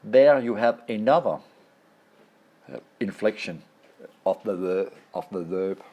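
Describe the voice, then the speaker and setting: A man from Denmark with a Danish accent, a native Danish speaker, explaining a language lesson over slides and pausing often to find his words. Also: lowish voice, expressive, darkish tone. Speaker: language teacher.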